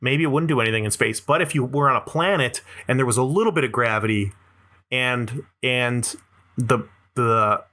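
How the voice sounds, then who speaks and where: A man's voice: medium pitch, normal speed, sharp tone. A young adult man hosting a podcast, delivering a rambling, self-deprecating comedic monologue and swearing freely. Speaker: podcast host.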